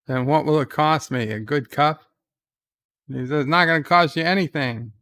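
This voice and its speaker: A man giving casual live commentary on a TV episode, loosely recapping scenes and reading viewer chat questions aloud, thinking out loud as he answers. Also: a little high, normal speed, no echo, clean studio sound. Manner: thinks out loud with fillers and restarts.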